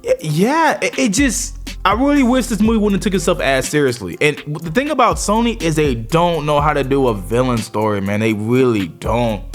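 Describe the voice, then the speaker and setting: Animated, slangy male movie reviewer. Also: fairly high pitch, normal speed, faint music behind. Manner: animated, slangy, repeats fillers. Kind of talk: casual movie review vlog.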